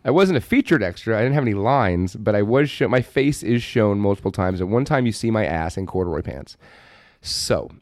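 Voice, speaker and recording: A young adult man co-hosting a casual podcast, animated and quick to laugh, swearing freely. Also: fairly low pitch, no room sound, studio quality. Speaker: podcast co-host.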